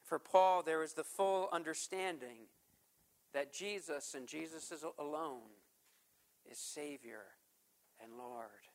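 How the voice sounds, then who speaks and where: A man preaching a sermon in an earnest manner, rising for emphasis and dropping to a hushed tone. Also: fairly high pitch, slow. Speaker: pastor.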